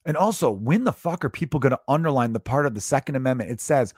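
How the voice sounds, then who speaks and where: A male comedian on his podcast, ranting with profanity and biting sarcasm. His pitch sits in an ordinary middle range for a man. The sound is dry and close, with no room in it. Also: expressive, fast, darkish tone, breathy edge, dry recording.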